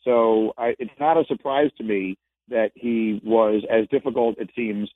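A man's voice: on the low side, steady tone, a little slow, no echo. Man talking over a tinny phone line. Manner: thoughtful, repeats phrases while building a point. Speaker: guest, former sports reporter. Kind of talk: casual radio interview.

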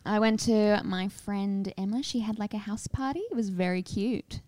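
A woman who acts for a living, a guest on a casual podcast, playful and quick to laugh. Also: medium pitch, fairly even intonation, warm tone. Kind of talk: casual chat.

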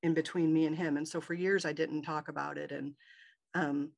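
A woman's voice: low voice, flat delivery, moderate pace, vocal fry. A woman guest in an interview, telling a personal story with animation and acting out the dialogue in a raised voice.

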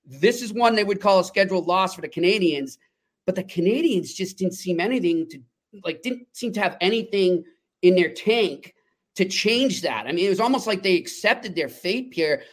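Chatty man with a higher voice. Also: normal speed. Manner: chatty storyteller, lively and laughing. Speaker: sports podcast co-host. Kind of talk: casual sports talk.

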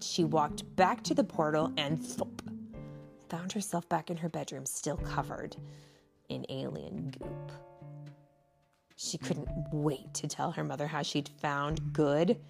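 Woman, mother, bedtime storyteller, slow, lively pitch, gravelly edge, soft music behind. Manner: slow, expressive, playful reading. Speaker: storyteller and parent. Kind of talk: bedtime story reading and chat with child.

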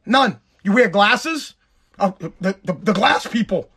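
Hoarse, high-voiced man ranting. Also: lively intonation, slow, fairly bright tone. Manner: heated, profane, repetitive ranting. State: hoarse, voice nearly gone. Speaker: podcast host. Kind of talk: ranting podcast monologue.

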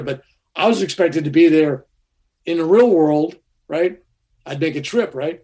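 A man's voice: a little high, measured pace, mellow. An older man telling a personal story in a rambling, conversational way, full of fillers and restarts.

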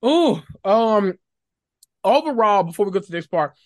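A podcast host in casual pop culture chat, sassy and animated, swearing and laughing often. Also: medium pitch, moderate pace, no room sound, studio quality.

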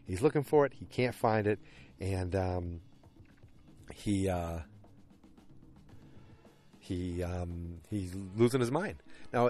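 A man talks alone into his podcast mic at home, retelling a TV episode in a loose, animated ramble. His voice sits on the low side, full of ums and restarts. Faint music plays softly under him. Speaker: podcast host recapping a TV episode. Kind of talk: casual solo podcast recap.

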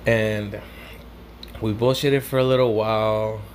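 A man's voice: fairly low pitch, steady tone, unhurried, slight background noise. A young man from Southern California casually telling a story, rambling and swearing, slipping Spanish slang into his English.

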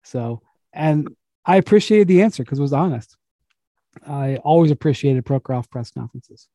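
A man hosting a sports podcast, telling stories in an animated way, laughing and acting out what other people said. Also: medium pitch, moderate pace, no echo. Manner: animated storyteller who laughs and acts out quotes. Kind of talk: casual basketball chat.

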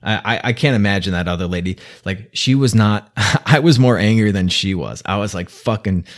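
A man's voice: fairly low pitch, moderate pace. A man delivering an exasperated, scolding rant to the camera, swearing heavily. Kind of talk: angry rant monologue.

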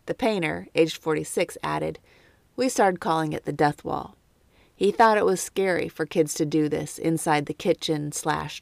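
A woman narrating a scripted true crime story in a measured way, with brief personal asides. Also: deep voice, vocal fry, no echo. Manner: measured, lightly commenting asides.

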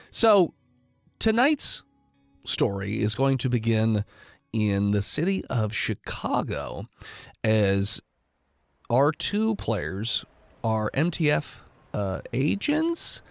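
A man's voice: mid-range voice, huge pitch swings, very slow, creaky, pauses often, no room sound. Nasal man running a tabletop game. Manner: playful banter, explains with fillers. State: nasal from flu. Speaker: game master and host. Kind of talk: hosting and narrating a tabletop game.

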